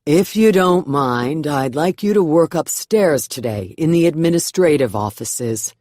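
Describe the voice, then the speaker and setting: Woman putting on a slow, drawling Southern reverend. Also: low voice, sing-song, darkish tone, no echo, clean studio sound, full character voice. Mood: pleased. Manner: slow, drawling, calling out across a stage. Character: benevolent middle-aged male Southern reverend.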